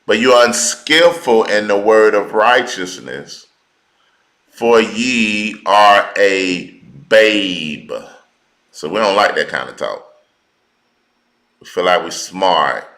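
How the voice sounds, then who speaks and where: A man teaching a sermon at a slow, deliberate pace, his voice bright and a little low. He repeats key words for emphasis and speaks in a loose, colloquial way. The room gives his voice a roomy echo. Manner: informal colloquial speech. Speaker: preacher.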